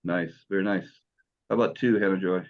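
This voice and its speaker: A man's voice: deep voice, steady tone, brisk, highs cut off. A man teaching Greek in an online class, patient and encouraging as he explains step by step.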